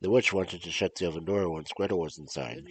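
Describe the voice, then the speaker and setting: A man's voice: low voice, brisk. A man reading fairy tales aloud with joking asides, laughing often and a bit tipsy. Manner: joking, laughs often, addresses listeners as cubs. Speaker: storyteller.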